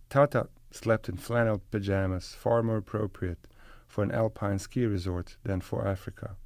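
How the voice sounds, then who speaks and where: A man reading a first-person literary story aloud in a measured, deliberate way. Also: on the low side, a little mellow, no room sound. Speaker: narrator. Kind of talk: scripted literary narration.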